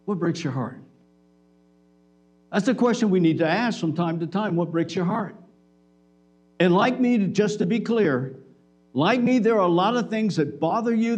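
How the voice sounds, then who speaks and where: A man with a fairly high voice preaching a sermon in a church. He talks to the congregation conversationally. He slips into acted-out bits of dialogue to make his point. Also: a little mellow. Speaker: pastor.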